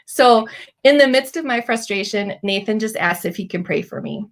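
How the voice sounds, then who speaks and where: A woman in her thirties hosting a Christian talk, telling personal stories in a chatty, animated way with many fillers. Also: mid-range voice, normal speed. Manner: chatty, animated storytelling with many likes and ums. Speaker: Christian podcast host. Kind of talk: faith-based encouragement talk.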